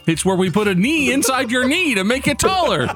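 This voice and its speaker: Man doing a smarmy quack doctor pitch. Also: very animated, a bit bright, soft background music, exaggerated voice. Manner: salesman pitch, slow and emphatic. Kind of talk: comedy infomercial bit.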